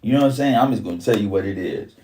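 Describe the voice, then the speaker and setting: A man telling a story in casual, profane street talk, his voice jumping up high whenever he quotes himself. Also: rapid-fire, mellow, recorded from a distance.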